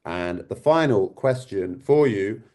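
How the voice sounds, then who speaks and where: A male podcast host with a low, mellow voice leads a casual interview. He phrases his questions hesitantly and often restarts his sentences. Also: expressive, slow pace.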